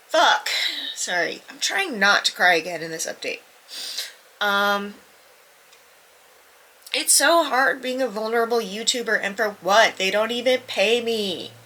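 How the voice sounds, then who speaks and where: A woman's voice: mid-range voice, lively intonation, unhurried, long pauses, bright, forceful tone, poor audio. Stuffy-nosed woman, candid vlog chatter. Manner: candid and self-deprecating, swears freely. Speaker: book vlogger. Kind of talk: casual vlog talk to camera.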